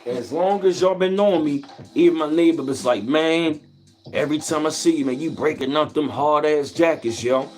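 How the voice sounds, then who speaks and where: A vlogger boasts in a casual monologue, using animated street talk full of repeated slang. His voice is a little high and he speaks at a normal speed.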